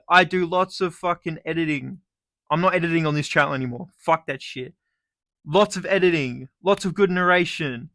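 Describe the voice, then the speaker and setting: A man's voice: fairly high pitch, dry recording, clean studio sound. A young Australian man ranting on his vlog, swearing freely and mocking with sarcasm. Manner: profane, sarcastic, animated ranting. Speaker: YouTuber.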